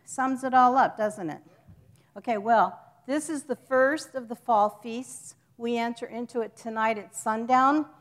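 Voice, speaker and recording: A woman's voice: a little high, measured pace. Woman teaching a chatty church lesson. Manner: chatty, jokes with the congregation, self-correcting. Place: church hall with a congregation.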